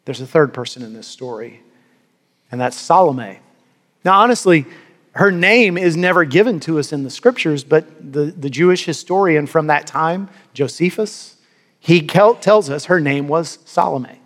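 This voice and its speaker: A man's voice: on the high side, lively intonation, moderate pace. Earnest preacher man in a reverberant hall. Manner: earnest, emphatic, repeats words for stress. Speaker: pastor. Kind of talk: sermon.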